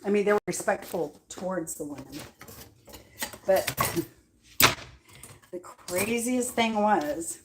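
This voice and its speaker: A woman's voice: medium pitch, animated, takes it slowly, pauses often, heavy background noise. A woman, chatting at home in her kitchen, rambling through stories with many fillers and frequent laughs. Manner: laughs often while telling stories. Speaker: cooking vlog host. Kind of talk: casual storytelling chat.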